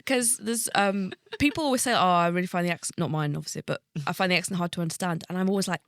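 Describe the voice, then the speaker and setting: A woman comedian chatting on a podcast panel, with quick interjections and reflective asides. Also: lowish voice, a bit bright, dry recording, studio quality. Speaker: comedian guest. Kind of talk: casual chat.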